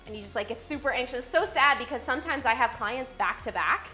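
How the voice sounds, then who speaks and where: Young female streamer, upbeat and playful, higher voice, faint music behind. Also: lively intonation, brisk, sharp tone. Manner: bubbly, playful, reads chat aloud and answers it. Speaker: fitness streamer and personal trainer. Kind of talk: casual live-stream chat.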